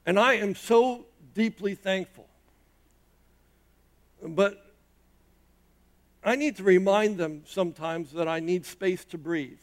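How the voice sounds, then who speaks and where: Brief: middle-aged male pastor, high-pitched voice, emphatic sermon delivery with rises and hushed drops. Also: slow, long pauses. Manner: emphatic preaching, rising and dropping in pitch and loudness.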